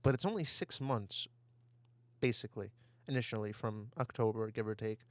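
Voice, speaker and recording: A man's voice: fairly low pitch, moderate pace, no room sound. A man ranting over gameplay footage on a desk mic, heated and given to repeating himself. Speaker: gaming YouTuber. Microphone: desktop mic.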